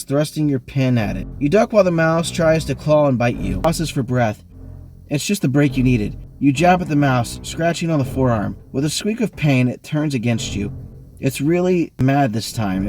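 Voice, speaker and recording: A man running an online game reads from a choose-your-own-adventure book, his voice leaping suddenly in pitch and speeding up in animated bursts. The audio comes through an online voice call.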